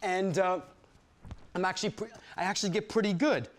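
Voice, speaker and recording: A man from Brooklyn, reading a personal story aloud in an animated, profane, conversational way. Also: high voice, a little fast.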